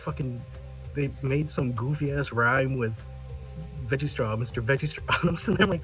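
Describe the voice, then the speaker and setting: A man's voice: mid-range voice, moderate pace, a bit bright, soft background music. A man on a podcast, telling a story in casual chat, often laughing and swearing, with many restarts. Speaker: podcast regular.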